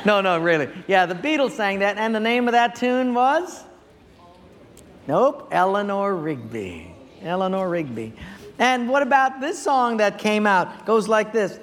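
A pastor preaching a sermon, telling stories with animation and asking the congregation questions. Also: male voice, high-pitched, a little slow. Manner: animated storytelling, audience questions. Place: church sanctuary. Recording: long church reverb.

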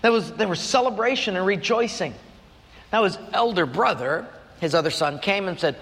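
A man's voice: lively intonation, moderate pace, fairly bright tone. A man preaching a sermon in church, telling a personal story earnestly and often lifting his voice. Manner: earnest storytelling with sudden rises in pitch. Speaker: pastor. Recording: long church hall reverb.

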